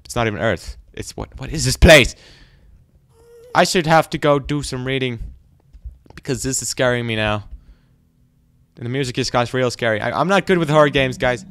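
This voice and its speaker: A young man giving jumpy, frightened let's play commentary, often breaking into loud exclamations. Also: mid-range voice, a little fast, clean tone, no echo. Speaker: gaming YouTuber.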